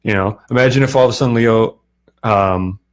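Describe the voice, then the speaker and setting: Male guest, low voice, relaxed and opinionated. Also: brisk. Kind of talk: casual chat.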